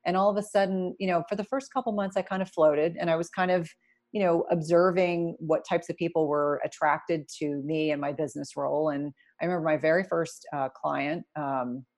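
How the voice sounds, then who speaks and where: Middle-aged woman, very low voice, candid, animated, interview guest. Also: brisk. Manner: candid, animated, many restarts and asides. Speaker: guest, nurse practitioner turned entrepreneur. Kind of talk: conversational interview storytelling.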